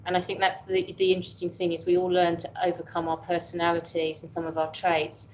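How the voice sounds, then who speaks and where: A woman's voice: lowish voice, monotone, fast, darkish tone, a little hiss or hum. A woman in her fifties with an English accent, a professor guest talking candidly and chattily in an interview. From England. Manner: candid, chatty, self-deprecating. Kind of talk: reflective casual interview talk. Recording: dull lo-fi audio.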